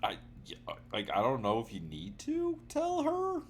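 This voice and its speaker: A man's voice: mid-range voice, huge pitch swings, measured pace, husky. A man chatting casually with friends, teasing and swearing. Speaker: regular player on a tabletop game stream. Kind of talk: casual chat.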